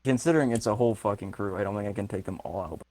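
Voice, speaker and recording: A man's voice: on the low side, racing, darkish tone, a little hiss or hum. A man playing a tabletop game who talks hesitantly, jokes and swears. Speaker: player. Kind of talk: casual tabletop play.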